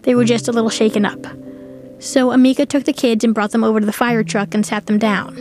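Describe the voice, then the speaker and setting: A woman narrating a documentary story in a measured, scripted way. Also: fairly high pitch, fairly even intonation, a little mellow. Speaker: narrator and host. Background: faint music.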